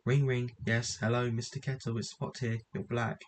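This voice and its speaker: A man's voice: mid-range voice, level tone, normal speed, a little hiss or hum, natural voice. A man reading the part of a tired, exasperated father arguing with his teenage daughter in an audiobook. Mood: teasing. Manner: weary, exasperated.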